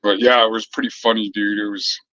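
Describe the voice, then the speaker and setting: A man's voice: fairly low pitch, little pitch movement, fairly quick, sharp tone, no echo, lo-fi sound. A man chatting casually with his viewers in a loose, rambling way, swearing freely and trailing off into fillers and restarts.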